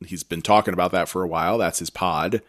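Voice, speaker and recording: A man's voice: low voice, steady tone, quick pace, fairly bright tone. A man co-hosting a podcast, recapping a TV episode in a rambling, self-correcting casual chat. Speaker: podcast co-host.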